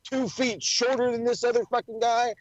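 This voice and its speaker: A man's voice: extremely high pitch, moderate pace, highs cut off, a little hiss or hum. A man co-hosting a wrestling podcast in casual chat, swearing freely and acting out quotes in funny voices. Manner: profane, excitable, acts out quotes in funny voices.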